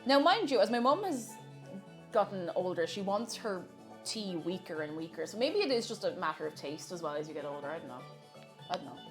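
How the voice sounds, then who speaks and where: A woman's voice: fairly low pitch, sing-song, a little fast, soft background music. Lady streamer chatting away while she bakes, laughs a lot, voice swings up and down. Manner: chatty, laughs often, reads out chat messages. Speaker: streamer baking live. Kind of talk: casual chat while baking.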